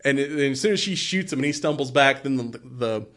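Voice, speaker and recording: A man's voice: medium pitch, animated, brisk, a bit bright. Rambling, laughing man recapping a movie. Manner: rambling, swears, laughs a lot. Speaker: podcast co-host. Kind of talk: casual chat.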